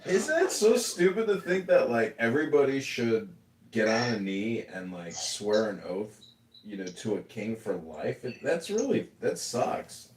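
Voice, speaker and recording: A man's voice: mid-range voice, big pitch swings, a little slow, darkish tone, slight background noise. A man who hosts a podcast and runs for office, talking in a rambling, profane and mocking way. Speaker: podcast host and congressional candidate. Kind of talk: casual chat. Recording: echoey room, distant mic.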